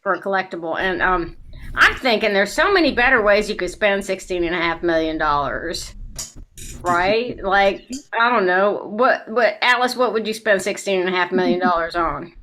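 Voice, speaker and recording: A woman from South Carolina, doing a dry stand-up set over a video call, with quick asides and mimicry. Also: medium pitch, expressive, a bit bright, a little hiss or hum. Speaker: stand-up comedian.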